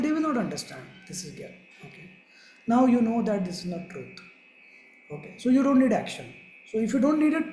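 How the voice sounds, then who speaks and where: A man's voice: high-pitched, mellow. Brief: male psychologist teaching parents, chuckling, acting out lines, roomy echo with faint hiss. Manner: chuckles often and acts out what children and parents say. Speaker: child psychologist teaching a course. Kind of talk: live online lecture to parents. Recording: echoey room with faint background noise.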